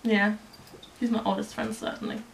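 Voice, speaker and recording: A woman's voice: medium pitch, little pitch movement, normal speed, gravelly. A woman in casual chat, chatty and asking her partner quiz questions.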